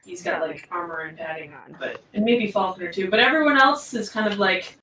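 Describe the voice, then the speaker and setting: Woman game master, relaxed rambling narration, distant mic in an echoey room. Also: lowish voice, brisk.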